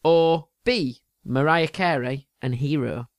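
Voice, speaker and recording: A man's voice: fairly high pitch, slow, no echo, clean studio sound. A man co-hosting a casual chat, quizzing his partner with teasing jokes and frequent laughs. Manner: jokey, teasing, laughs often. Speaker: podcast co-host, quizmaster.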